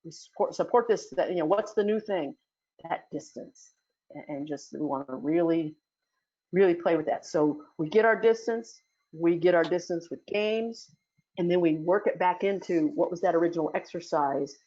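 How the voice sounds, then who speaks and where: A woman's voice: on the low side, darkish tone, muffled recording. A woman giving a casual talk as a dog sport instructor, chatty, with many fillers and restarts. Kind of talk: casual teaching talk in an audio chat room.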